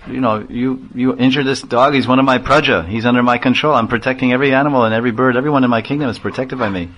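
A man's voice: medium pitch, fairly bright tone. A man, a spiritual teacher, giving a chatty sermon full of stories and laughter. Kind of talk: sermon with storytelling.

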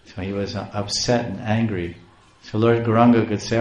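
Male preacher, animated storyteller, lowish voice, roomy echo. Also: moderate pace, dull audio. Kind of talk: devotional storytelling sermon.

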